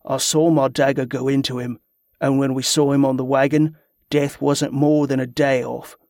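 A man voicing a cold-blooded smuggler in an audiobook, flat and bored, with clipped, rough dialect. The sound is dry and close. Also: mid-range voice, moderate pace, no echo, lightly acted.

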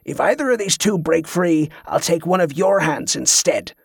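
A man's voice: on the high side, lively intonation, moderate pace, creaky, breathy edge, no room sound, studio quality, heavily acted. A man playing a snarling cruel captor. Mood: sarcastic. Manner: snarling, sarcastic. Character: cruel menacing male captor, quick temper.

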